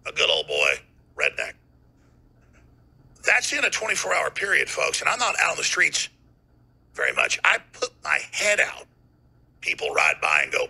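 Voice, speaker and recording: A raspy, heavily gravelly man rants on his talk radio show, his voice tense and forceful. He swings wildly between low growls and high bursts, often breaking into shouts. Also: wildly swooping pitch, normal speed. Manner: fiery, ranting, bursts of shouting. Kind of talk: heated talk radio monologue.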